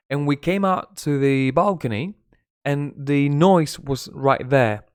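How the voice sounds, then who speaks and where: A man's voice: mid-range voice, animated, unhurried, clear, resonant tone, no room sound, studio quality. A man from Spain with a Spanish accent whose first language is Spanish. He teaches an English lesson in a chatty, gossipy way, swears, and mixes in Spanish. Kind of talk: casual live-stream English lesson.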